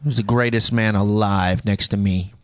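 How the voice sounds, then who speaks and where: A man co-hosting a radio show, groggy and drowsy, talking in a deadpan way. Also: lowish voice, moderate pace, dry recording, studio quality. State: groggy from allergy medicine. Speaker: radio co-host. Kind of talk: casual radio banter. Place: radio studio.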